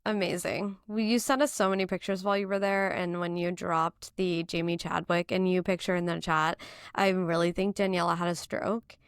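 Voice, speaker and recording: A woman's voice: fairly low pitch, level tone, normal speed, clean tone, no echo, studio quality. Bubbly young woman hosting a podcast. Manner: bubbly, laughs often. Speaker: podcast host. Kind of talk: casual chat. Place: home, in Boston.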